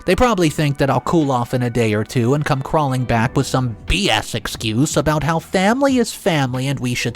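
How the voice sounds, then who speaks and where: In a mid-range voice, a man narrates a dramatic first-person story, sounding sarcastic, exasperated and animated.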